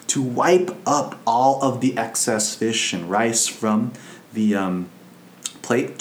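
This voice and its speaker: A man's voice: medium pitch, reverberant, slight background noise. A man, a Buddhist monk, giving a casual storytelling Dharma talk in a loose, conversational, anecdotal way.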